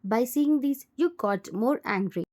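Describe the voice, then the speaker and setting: A woman narrating a fan fiction story in second person, in a plain, steady storytelling manner. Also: on the high side, a little slow.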